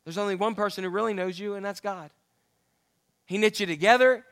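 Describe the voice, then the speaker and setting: A man preaching a sermon in a loose, conversational way, reading scripture and turning questions back to his listeners. His voice is high and bright. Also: steady tone, fairly quick. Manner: conversational, asks the audience questions.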